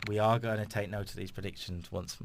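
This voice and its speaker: A man's voice: fairly low pitch, fairly even intonation, brisk, gravelly, slight background noise. A man hosting a casual football podcast, joking and laughing as he steers the segments. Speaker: podcast host.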